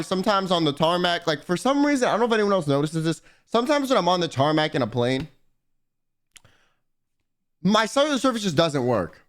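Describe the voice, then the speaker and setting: High voiced streamer guy ranting through a story, swears a lot. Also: a little fast. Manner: profane, rambling, animated. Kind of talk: casual storytelling chat.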